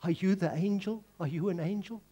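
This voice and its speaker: A man with a South African accent voicing a desperate, tearful young mother in a sermon story, speaking softly. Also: high-pitched, brisk, husky.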